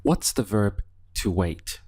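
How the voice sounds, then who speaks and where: Male language teacher, deep voice, unhurried, patient prompts with gaps for replies. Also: expressive, darkish tone, slightly rough. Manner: slow, patient prompts leaving pauses to answer. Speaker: Spanish teacher. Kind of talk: language lesson.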